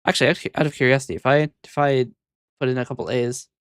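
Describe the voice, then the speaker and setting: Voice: medium pitch, steady tone, very fast, smooth, no room sound, clean studio sound. A VTuber streamer chatting casually on a live stream, rambling and hesitant, often muttering to themself.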